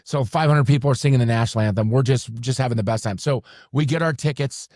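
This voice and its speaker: A man's voice: mid-range voice, fast, a little mellow, dry recording, studio quality. A man from California on a podcast, chatting and recounting a day step by step. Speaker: podcast co-host. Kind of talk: casual storytelling chat.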